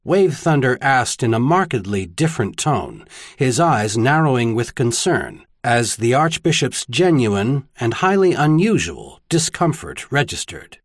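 Husky, expressive male audiobook narrator. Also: medium pitch, a little slow, no echo, clean studio sound. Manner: expressive storytelling. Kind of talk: scripted narration.

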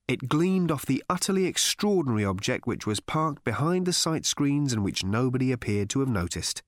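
A male audiobook narrator with a measured, deadpan delivery in a mid-range voice. His pitch moves in lively swings, and the recording is dry and close with no room sound. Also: no room sound.

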